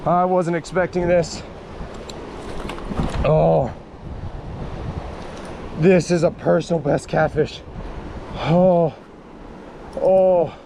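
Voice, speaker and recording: A man gives excited fishing commentary outdoors by a river, exclaiming over and over. His voice is gravelly and his talk unhurried, sitting a bit high for a man. Faint outdoor noise runs under him. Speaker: fishing vlogger.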